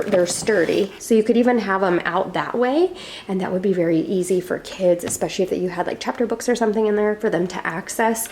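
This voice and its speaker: A woman's voice: medium pitch, a little mellow, slight background noise. A young woman chatting casually through a home tour, rambling with fillers and asides, a little out of breath. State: slightly out of breath. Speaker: homeschooling mom vlogger. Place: home living room.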